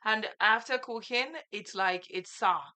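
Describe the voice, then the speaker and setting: A young woman co-hosting a casual talk show, playful and quick to laugh. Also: on the high side, bright, forceful tone. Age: young adult. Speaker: co-host.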